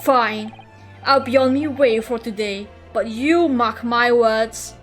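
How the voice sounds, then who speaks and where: A woman voicing a rough, hostile man who talks brashly and taunts. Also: fairly high pitch, slow, faint music behind.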